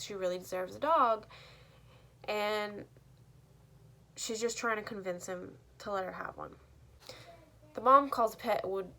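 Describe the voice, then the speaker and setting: A woman's voice: mid-range voice, a bit bright. A woman casually recapping a film plot, chatty and full of "like", laughing now and then. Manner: chatty, uses "like" often, laughs mid-sentence. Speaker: movie reviewer.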